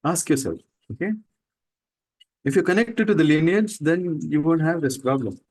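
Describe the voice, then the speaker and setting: Emphatic man, a spiritual teacher on a podcast, with a fairly high voice. He asks many pointed questions and mocks people with quick put-on voices. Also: lively intonation, darkish tone, rough recording. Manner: emphatic, full of rhetorical questions. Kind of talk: spiritual talk to students.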